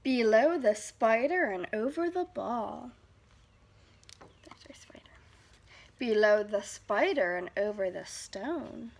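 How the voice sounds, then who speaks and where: Female children's librarian, raised pitch with vocal fry, sing-song read-aloud delivery. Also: expressive. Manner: slow, sing-song storytime delivery with drawn-out words. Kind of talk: reading a picture book aloud to children.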